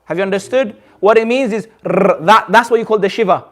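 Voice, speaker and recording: A man with a fairly high voice and a British accent leads a recitation lesson. He speaks patiently, repeats each sound several times and keeps asking whether his class has understood. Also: a little fast. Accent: British English. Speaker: Quran recitation teacher.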